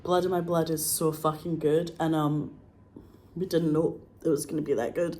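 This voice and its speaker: A Scottish woman, an actress, talking casually and excitedly, gushing and swearing, with a frog in her throat. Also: low voice, normal speed. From Scotland. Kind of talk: casual monologue.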